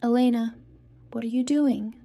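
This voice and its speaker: A woman's voice: fairly high pitch, steady tone, moderate pace, gravelly, mellow, no echo. A woman reading the lines of a cautious male teacher colleague in a storybook. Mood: wary.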